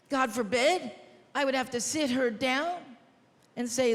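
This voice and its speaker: A woman performing a stand-up comedy routine on a theater stage, with brash, punchy delivery and loud punchlines. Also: high voice, normal speed, slight background noise. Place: large theater stage before a live audience. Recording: echoey hall with crowd laughter.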